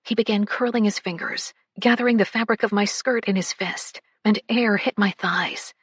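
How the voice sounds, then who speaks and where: A woman narrating a first-person romance audiobook, breathy and often slipping into whispers. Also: mid-range voice, moderate pace, no echo, studio quality.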